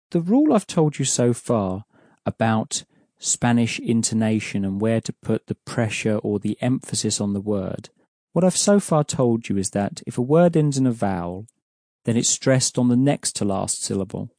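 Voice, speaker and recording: A man teaching a language lesson, explaining pronunciation patiently and clearly. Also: mid-range voice, warm tone, no echo, studio quality. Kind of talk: explaining an audio course lesson.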